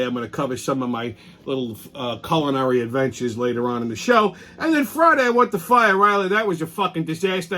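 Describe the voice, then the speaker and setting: A man's voice: a little high, a bit bright. A middle-aged man, hosting a show and telling a profane, ranting story in casual monologue. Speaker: show host.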